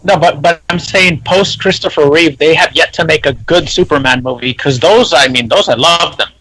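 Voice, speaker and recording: A man co-hosting a casual chat, easygoing and quick to agree and add facts. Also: fairly high pitch, pushed and bright, no echo, rough recording.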